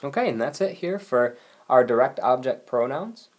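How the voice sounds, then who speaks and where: A man's voice: medium pitch, expressive, moderate pace. Man giving a patient language lesson. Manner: patient, explanatory, reads example sentences aloud. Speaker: language teacher. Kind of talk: recorded video lesson narration.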